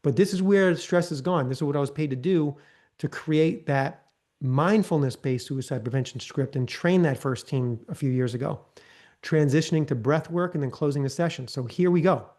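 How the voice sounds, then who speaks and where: A man leading a live training session, talking casually and often checking in with "right?", acting out gentle counselor prompts in a softer voice. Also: a little high, normal speed. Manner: conversational, often tags lines with "right?". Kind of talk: live online training talk.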